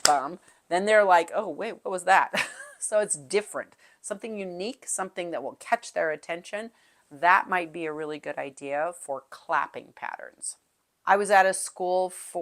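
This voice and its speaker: A woman's voice: low voice, fairly bright tone. A middle-aged woman music teacher talking through classroom tips in a chatty way, singing out short call-and-response rhythms as she goes. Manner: chatty, demonstrates calls and rhythms aloud.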